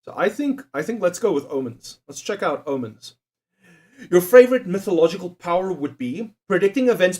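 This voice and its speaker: A young man streaming live, with a voice sitting a bit higher than most men's. He reads out quiz questions and reacts loosely to his chat, cursing freely and laughing along as he goes. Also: darkish tone. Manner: profane, joking, laughs often, talks to chat.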